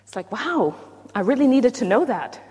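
A woman's voice: a little high, big pitch swings, moderate pace, darkish tone, husky. Woman preacher, sermon, playful, self-mocking, big emphasis, long hall reverb.

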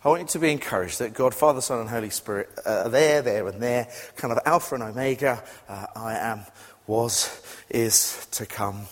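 A man's voice: mid-range voice, normal speed, hardly any pauses. Man preaching in a reverberant church hall. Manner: animated storytelling with sudden loud excited bursts. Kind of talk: lively sermon.

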